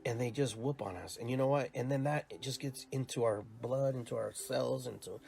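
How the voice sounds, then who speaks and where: His voice sits at medium pitch, mellow with vocal fry, and he talks a little fast. This man hosts his own podcast and coaches youth soccer, offering a casual, earnest, rambling reflective monologue with many repeated words.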